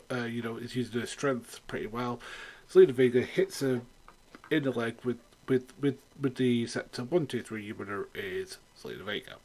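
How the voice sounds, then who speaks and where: A man hosting a weekly wrestling review in a casual, rambling way, full of fillers, sarcastic asides and laughter at his own jokes. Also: mid-range voice.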